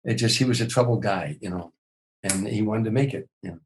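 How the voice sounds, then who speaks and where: On a rough recording with slight background noise, an older comedian guest recounts stories during a podcast interview. His voice is on the low side and he talks briskly and animatedly, frequently repeating words as a sentence begins.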